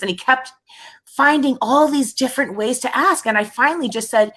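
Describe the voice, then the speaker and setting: A woman's voice: a little high, fairly quick, bright, forceful tone. A woman hosting a casual panel chat, speaking reflectively with frequent restarts and easy laughter. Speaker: host.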